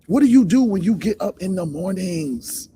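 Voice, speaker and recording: A man's voice: sits high, expressive, moderate pace, dark tone, a little hiss or hum. A man hosting a live stream, talking bluntly and profanely, firing rhetorical questions. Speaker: livestream host. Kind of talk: blunt motivational live talk.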